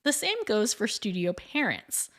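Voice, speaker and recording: A woman's voice: mid-range voice, sing-song, unhurried, a bit bright. A woman hosting her own podcast in a scripted monologue, chatty and upbeat, with frequent light laughs. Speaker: podcast host and piano teacher.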